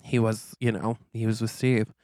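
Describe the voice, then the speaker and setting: A man co-hosting a podcast, pitching a movie plot as a comic story and acting out each character's lines. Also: normal speed, no echo, clean studio sound. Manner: animated, acts out dialogue in quotes. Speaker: podcast co-host.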